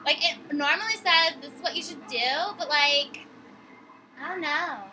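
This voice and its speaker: A woman's voice: sits high, bright, forceful tone, poor audio. A woman putting on the voice of a ditzy young Valley Girl who fills every phrase with "like". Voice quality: drawn-out, bubbly, every phrase stuffed with "like".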